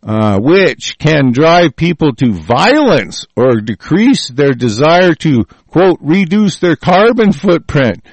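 A man reading lines aloud and answering them in a profane, angry rant, swinging between loud outbursts and low muttering. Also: very animated, slow, few pauses, no echo. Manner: reads lines aloud then rants with heavy swearing. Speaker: vlogger reacting to a text.

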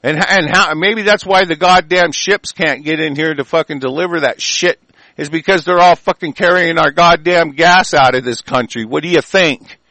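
A man giving angry, profane ranting commentary in reaction to the news, with shouted bursts and many halting fillers. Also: fairly high pitch, no room sound, rough recording.

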